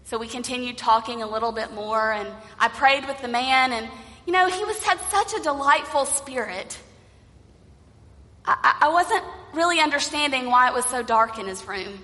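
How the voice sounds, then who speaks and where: Female pastor, high bright voice, storytelling sermon, reverberant hall. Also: expressive, normal speed. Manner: storytelling, acting out voices in the tale.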